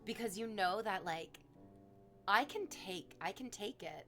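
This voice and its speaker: Faint music plays behind a young woman streamer who speaks unhurriedly, chatting casually with viewers in a rambling, self-mocking way. Gifted subs send her into bursts of high, squealing excitement.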